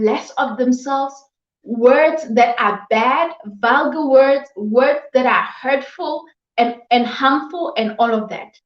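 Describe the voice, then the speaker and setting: A woman giving a motivational talk to her viewers, repeating phrases for emphasis and breaking into scolding exclamations. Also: high-pitched. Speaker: motivational vlogger. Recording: echoey room, dull lo-fi sound.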